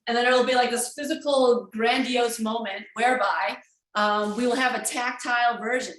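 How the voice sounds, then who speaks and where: A woman giving a conference keynote over a video call, talking in an energetic, emphatic way with many fillers and restarts. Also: fairly high pitch, moderate pace, reverberant, low-quality recording. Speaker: keynote speaker.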